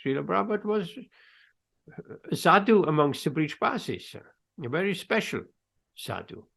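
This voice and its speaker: A man teaching a scripture class, telling stories in an unhurried way with pauses mid-phrase and acting out the quoted voices. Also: mid-range voice, creaky. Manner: storytelling, acts out quoted voices. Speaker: spiritual teacher.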